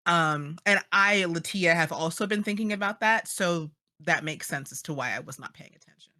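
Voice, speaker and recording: A woman chatting as a player in a tabletop game, animated and talkative. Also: lowish voice, moderate pace. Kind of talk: casual tabletop chat.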